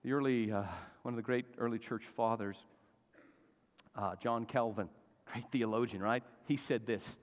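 A man's voice: mid-range voice, steady tone, moderate pace. A middle-aged man preaching a sermon in a church, exhorting his congregation and calling for responses. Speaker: pastor. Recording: long reverb of a church hall.

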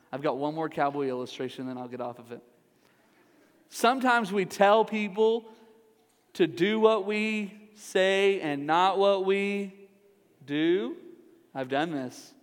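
A middle-aged man preaching a sermon in a church, joking with the congregation in a conversational way. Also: fairly high pitch. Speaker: pastor. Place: large church hall. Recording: reverberant church hall.

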